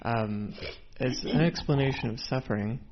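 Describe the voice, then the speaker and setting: A man hesitantly telling a story in a group discussion, with many pauses and "um"s. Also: medium pitch. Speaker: forum participant. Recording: dull lo-fi with faint hiss.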